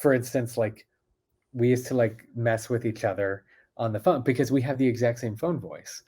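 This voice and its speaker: Mellow, easygoing male guest; relaxed anecdote-teller. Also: medium pitch, moderate pace, slightly rough. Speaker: guest, card magician. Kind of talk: casual chat.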